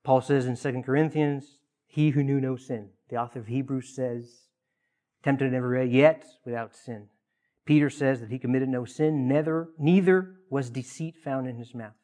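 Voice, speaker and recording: A male pastor delivers a sermon in an ordinary mid-pitched voice. His delivery is earnest. He leans hard on emphasis, then falls back to hushed, quiet lines. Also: normal speed. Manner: earnest preaching, swinging between loud emphasis and hushed asides.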